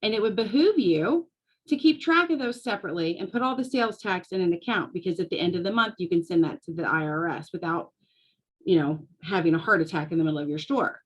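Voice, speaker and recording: A woman, talking casually to a live audience as a business coach and telling lively stories with frequent laughter. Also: medium pitch, low-quality recording. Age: 40s. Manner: storytelling, animated, laughs often.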